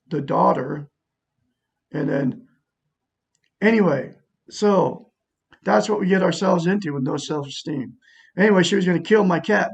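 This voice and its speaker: A man's voice: a little high, vocal fry, husky, dull audio. A middle-aged man telling a long personal story in a rambling, aggrieved way, with many restarts. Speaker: vlogger. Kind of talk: casual personal monologue.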